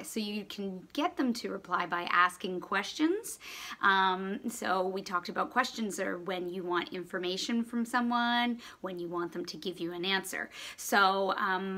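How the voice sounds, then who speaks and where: A woman teacher at home giving a writing lesson to young children, slowly sounding out letters and sounds. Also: mid-range voice, bright, forceful tone. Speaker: primary school teacher.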